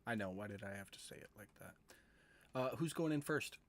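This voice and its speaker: A man narrating a tabletop game as game master, relaxed and casual, over an online call. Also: fairly low pitch, brisk.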